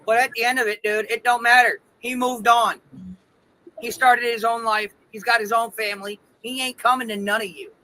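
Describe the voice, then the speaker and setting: A man's voice: very high-pitched, little pitch movement, moderate pace, pushed and bright, poor audio. A man hosting his own livestream, talking bluntly and defiantly with plenty of swearing. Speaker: channel host in a played clip. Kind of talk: heated livestream talk.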